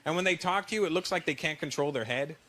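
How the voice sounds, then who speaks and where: A man from Canada doing a stand-up comedy routine on a stage, animated and switching into mimicked accents. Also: on the high side, quick pace. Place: large theater stage with audience laughter. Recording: loud background noise.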